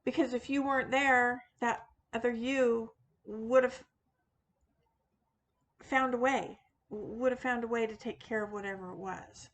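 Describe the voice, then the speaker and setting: Slow, higher-voiced woman rambling to camera. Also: steady tone. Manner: rambling, frequent fillers and restarts, self-deprecating. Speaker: witchcraft video host; teacher of classes. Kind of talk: casual unscripted monologue.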